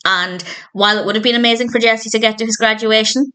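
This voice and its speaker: A woman's voice: a little high, steady tone, fast talker, pushed and bright, smooth, rough recording. A woman reviewing a TV sitcom episode in a casual spoken monologue, earnest and reflective, openly moved by what she describes.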